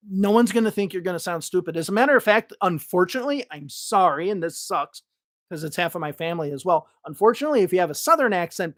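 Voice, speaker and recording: A man from Chicago with a Northwest suburban Chicago accent, hosting a podcast as an English teacher in casual, blunt and profane chat that rambles with restarts. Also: high-pitched. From Chicago, United States.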